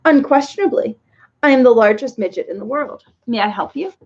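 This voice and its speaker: Brief: woman playing fussy, forgetful storybook man, high and bright, dull lo-fi sound. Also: animated, a little fast. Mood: cheery. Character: cheerful, muddled ordinary man of four jobs. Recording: dull lo-fi recording.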